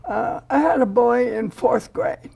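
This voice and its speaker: An older woman with a deeply gravelly, husky voice tells a story in a studio interview. She performs every quoted line as she goes. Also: unhurried. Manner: animated storyteller who acts out quoted dialogue. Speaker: foster grandparent volunteer.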